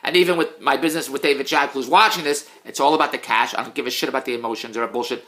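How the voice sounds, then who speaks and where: A middle-aged man in a casual, self-mocking rant, swinging between low mutters and loud outbursts. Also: steady tone, very fast. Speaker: vlogger, TV producer. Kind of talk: casual ranting monologue.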